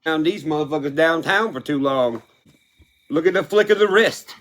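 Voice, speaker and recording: High-pitched cussing country man ranting. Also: lively intonation, normal speed, fairly bright tone. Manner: blunt, heated, heavy swearing. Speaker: country music artist ranting on camera. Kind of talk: profane opinion rant.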